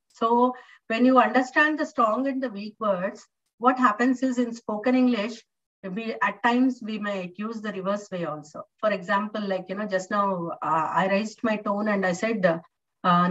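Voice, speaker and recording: A woman's voice: medium pitch, fairly even intonation, moderate pace, a bit bright. Female English lecturer, online class, patient and repetitive with fillers, set back from the mic, muffled line. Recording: distant, dull lo-fi online audio.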